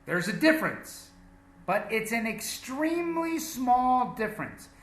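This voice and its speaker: A man teaching English pronunciation, drilling words slowly and emphatically. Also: very high voice, very animated, a bit bright, echoey room. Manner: slow, deliberate drilling with emphatic repetitions.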